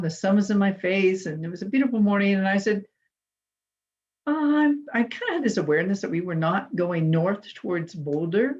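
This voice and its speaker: A woman's voice: on the low side, lo-fi sound. A woman giving a conversational inspirational talk, a chatty and humorous storyteller. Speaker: inspirational speaker at a spiritual center.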